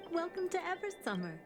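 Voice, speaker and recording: A woman's voice: very high-pitched, heavily acted. A woman voicing a cheerful young florist in a game, speaking in a sweet, playful way. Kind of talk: game dialogue. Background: game music.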